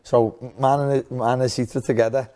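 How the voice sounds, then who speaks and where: Scouse male co-host, warm, dark tone, chuckling through anecdotes. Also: mid-range voice, level tone, normal speed. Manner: laughs through his own stories. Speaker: podcast co-host. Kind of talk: casual storytelling chat.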